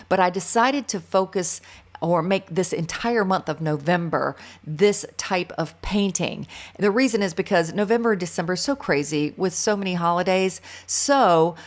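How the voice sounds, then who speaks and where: A middle-aged woman from North Carolina with a faded Southern accent talks students through a real-time pastel painting lesson. Her voice sits slightly low, and she stays chatty and enthusiastic, pausing with fillers as she thinks aloud. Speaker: art instructor.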